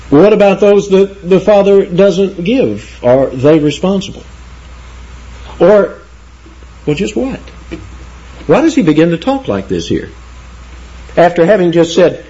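A man preaching through a Bible passage verse by verse, his voice warm and a little husky. He leans on key words and slows right down when he reads scripture aloud. The recording sounds dull and lo-fi. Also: fairly high pitch. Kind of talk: expository Bible teaching.

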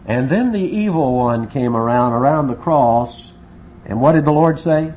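A man's voice: mid-range voice, expressive, moderate pace, muffled recording, a little hiss or hum. A man preaching a sermon, asking rhetorical questions and acting out quotes. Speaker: pastor.

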